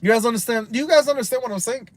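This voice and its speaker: A man's voice: very high voice, rapid-fire, no room sound. A man of about thirty, ranting casually on a live stream from inside a car, heated and profane, rambling and mixing in Spanish slang. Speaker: livestream host.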